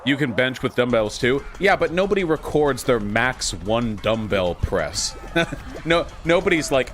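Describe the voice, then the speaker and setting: A man hosting a livestream and chatting casually while he plays a game, quick, profane and sarcastic. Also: mid-range voice, sing-song, a bit bright. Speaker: livestream host. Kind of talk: casual stream chat while gaming.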